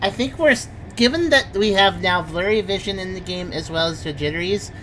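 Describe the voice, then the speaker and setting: A woman's voice: mid-range voice, brisk, a bit bright, a little hiss or hum. A woman streaming a game, chatting casually and thinking aloud as she plays, laughing often. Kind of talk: casual gameplay commentary.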